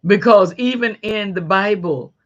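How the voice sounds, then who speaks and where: A middle-aged woman hosting a podcast, giving a faith-based motivational talk in a folksy, animated way and calling listeners honey. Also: medium pitch, a little slow, lo-fi sound. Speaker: podcast host.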